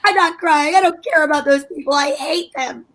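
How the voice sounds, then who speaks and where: A woman's voice: sits high, moderate pace, fairly bright tone, poor audio. A woman playing a melodramatic, fretful wife in an old-time radio play. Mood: defiant. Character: fretful wife Liz, dramatic and self-pitying. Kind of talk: 1940s radio acting.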